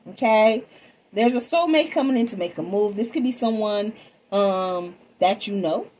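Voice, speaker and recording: Woman tarot reader, casual and chatty with her audience, mid-pitched, light background hiss. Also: normal speed, a little mellow, rough recording. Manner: chatty, calls viewers "babies" and "y'all". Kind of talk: casual tarot reading vlog.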